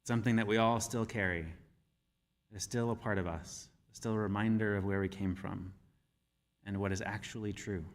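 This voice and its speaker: A man giving a sermon as minister, speaking in a measured, gentle storytelling manner. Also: on the low side, steady tone. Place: church sanctuary. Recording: reverberant church hall.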